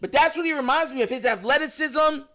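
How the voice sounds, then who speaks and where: This New York-accented man runs a live stream, shouting and laughing often as he gives loud, excited commentary full of slang. He talks fast in a very high voice.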